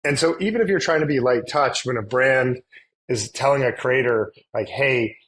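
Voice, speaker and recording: Guy on a podcast, rambly and casual, lots of likes and you knows, mid-pitch voice. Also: normal speed, a bit bright, slight background noise, poor audio. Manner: loose, rambling, many fillers and restarts. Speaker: guest, influencer marketing agency CEO. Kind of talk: casual conversational interview.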